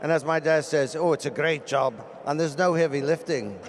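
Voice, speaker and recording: A man being interviewed as a celebrity guest, chatty and self-deprecating, with halting speech full of fillers, standing pitchside outdoors at a football stadium. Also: steady tone. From Canada. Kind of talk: casual interview chat. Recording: loud stadium crowd noise.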